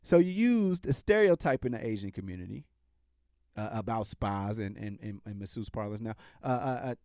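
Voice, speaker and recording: A man's voice: on the low side, lively intonation, moderate pace, darkish tone, dry recording, studio quality. A man hosting a podcast, talking in a casual, sarcastic commentary style and often restarting his sentences. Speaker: podcast host.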